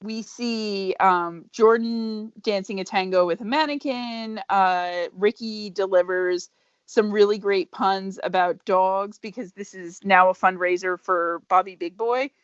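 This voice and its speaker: A woman co-hosting a podcast, casually retelling a show's episode with animated energy and frequent laughs. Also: mid-range voice, unhurried, clear, resonant tone, dry recording. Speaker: podcast co-host. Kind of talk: casual chat recapping a show. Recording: dry, dull lo-fi podcast audio.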